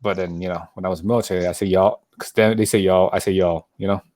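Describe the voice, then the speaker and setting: Casual podcast man, rambling talker, lowish voice. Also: fairly even intonation, fast, darkish tone, no room sound. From Colorado, USA. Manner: rambling, repeats himself. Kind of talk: casual chat.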